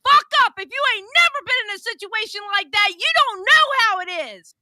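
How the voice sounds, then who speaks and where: A woman co-hosting a livestream, furiously swearing and shouting down a caller. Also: very high voice, expressive, a little fast, very noisy. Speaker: livestream co-host. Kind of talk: heated livestream argument.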